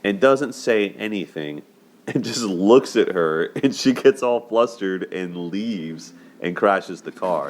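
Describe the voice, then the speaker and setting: With a low, deep voice and a slow pace, a man loosely talks through a film's love story as host of a dating and movie commentary show. He keeps asking listeners "right?" and laughs, giving a relaxed, casual movie breakdown, with a little hiss or hum in the audio.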